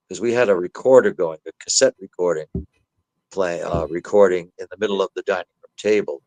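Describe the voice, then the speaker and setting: A man's voice: low voice, brisk, no echo, poor audio. Dry-voiced man telling a story. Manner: animated, acts out the voices he quotes. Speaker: guest, author and demonologist. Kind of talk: storytelling in a podcast interview.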